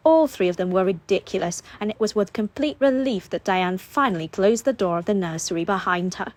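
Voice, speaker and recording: A woman narrates an audiobook in a steady, expressive storytelling voice. Her pitch sits in the middle range, neither high nor low. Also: brisk.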